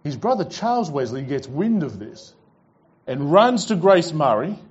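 A man's voice: a little high, big pitch swings, unhurried, breathy edge, muffled recording. A man preaching a sermon as pastor, telling stories with casual fillers and repeated "he goes.".

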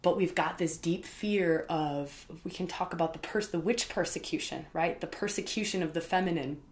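A woman's voice: on the low side, moderate pace. A woman host telling a candid personal story in a casual, emphatic way, with many fillers and repeated words. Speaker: podcast host.

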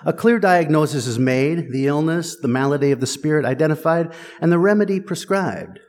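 A man's voice: on the high side, fairly quick, a little mellow. A man preaching a sermon in a conversational, wry and teasing way, talking directly to his congregation. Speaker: pastor. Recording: long hall reverb.

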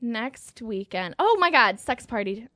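Bright giggly woman telling a story. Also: on the high side, very animated, unhurried, no room sound, studio quality. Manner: giggly, laughs through her storytelling. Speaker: podcast co-host telling a dating story. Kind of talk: casual chat.

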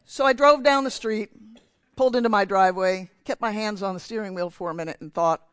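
A man's voice: sits high, a little fast, a bit bright, smooth, no room sound. A man from New Jersey giving a sermon in church, telling a candid, self-mocking story about himself. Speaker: preacher.

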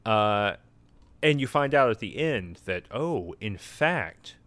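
A man's voice: fairly low pitch, animated, slow pace, fairly bright tone, no echo. A sleepy man in casual chat, rambling and chuckling as he retells a video game and quotes its characters. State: sleepy, yawning.

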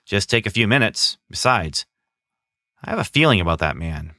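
A man voicing John, a kind adult disciple who speaks softly and reassuringly in a children's Bible story. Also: lowish voice, big pitch swings, normal speed, dry recording, clean studio sound. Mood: gentle. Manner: soft, reassuring.

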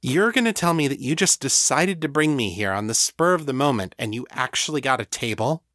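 A man's voice: mid-range voice, expressive, brisk, a bit bright, dry recording, studio quality, voice pushed up, natural voice. A man voicing a wry, guarded young androgyne woman in an audiobook, lifting his voice as he reads her. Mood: teasing. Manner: teasing, raised voice.

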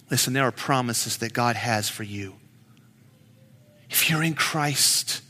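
Man preaching in a reverberant hall. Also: fairly high pitch. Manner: animated preaching, shifting between loud emphasis and hushed asides. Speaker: pastor. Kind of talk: sermon.

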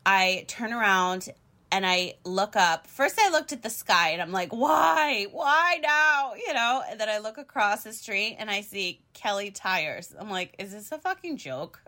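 A woman in her thirties spins a long personal story in a casual monologue. Her voice is bright and clear, and she talks in an animated, chatty way, swearing freely and leaning on filler words as she goes. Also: medium pitch, normal speed.

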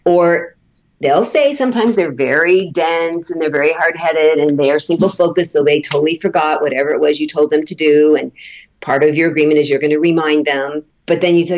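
Low-pitched and quick, this woman's voice comes through a muffled recording. She's a relationship coach on a podcast, spinning frank, homespun anecdotes with acted-out lines, frequent laughter and offhand cursing in a chatty interview.

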